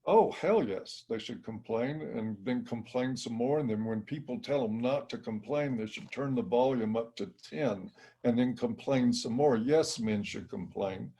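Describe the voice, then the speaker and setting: A middle-aged man answers interview questions bluntly and with emphasis. His voice is mellow and dark, with a husky edge. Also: mid-range voice, unhurried. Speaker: interview guest. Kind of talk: interview conversation.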